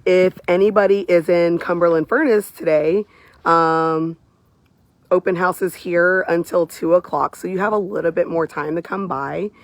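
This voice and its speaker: A hoarse woman, a real estate agent showing a house on a live phone video, gushing as she walks through it. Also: lowish voice, fairly even intonation, normal speed. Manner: gushing, enthusiastic, repeats "beautiful" and "I love". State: hoarse, lost voice. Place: walking through a large house, indoors and out. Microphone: handheld phone camera.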